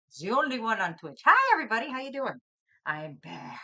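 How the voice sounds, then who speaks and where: Middle-aged woman, live-stream host, chatty and bubbly, crisp bright tone. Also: a little high, fairly quick. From Minnesota. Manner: bubbly, chatty, greets viewers by name with lively swings in loudness. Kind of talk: casual live-stream chat.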